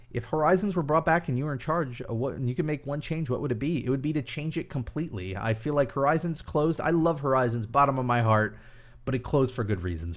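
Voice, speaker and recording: With a mid-range voice, this young man runs a casual stream where he reads questions from viewers aloud. His answers wander and chatter on, broken up by frequent pauses and filler words.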